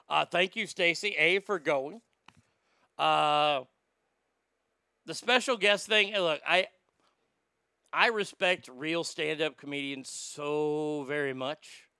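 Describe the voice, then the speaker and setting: Male comedy host, swearing storyteller, higher-pitched with a smooth, clear tone. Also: bright, forceful tone, dry recording, clean studio sound. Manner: blunt, swearing, riffing storyteller. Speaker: podcast host answering listener mail. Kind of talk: profane comedic advice rant.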